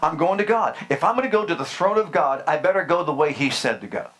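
A man's voice: a little high, lively intonation, fast, fairly bright tone. A man preaching a sermon with fervent, emphatic declarations and rhetorical questions to his congregation.

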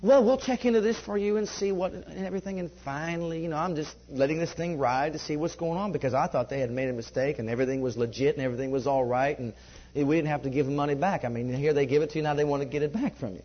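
A man preaching in a conversational storytelling way, animated and laughing often as he gives a testimony. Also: fairly high pitch, fast talker. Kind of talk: sermon storytelling. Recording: dull lo-fi recording.

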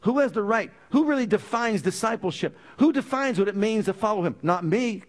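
A man preaching a sermon, quizzing the congregation with call-and-response questions and moving between loud emphatic passages and low, quiet pleading. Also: expressive, brisk. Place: church.

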